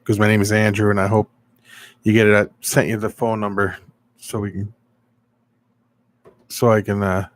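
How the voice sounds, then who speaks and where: Middle-aged male streamer, lowish voice, loose rambling chat with viewers. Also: flat delivery, normal speed, long pauses. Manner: rambling, chatty, reads viewer comments. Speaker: live stream host. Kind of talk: casual live stream chat.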